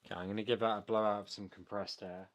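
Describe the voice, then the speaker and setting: A man narrating a hands-on engine repair tutorial, explaining step by step while he works and often pausing with an um. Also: lowish voice, level tone, heavy background noise. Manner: explains step by step while working, with frequent ums. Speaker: DIY boat engine tutorial maker.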